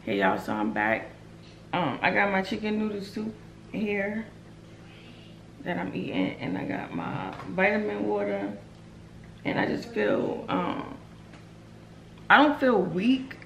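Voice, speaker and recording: A woman vlogging from a car and then at home, speaking softly and tiredly while nauseous after surgery. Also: mid-range voice, very animated, slow pace, creaky, long pauses. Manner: tired, talks softly about feeling sick. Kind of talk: casual vlog chat. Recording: lo-fi phone audio with loud background noise.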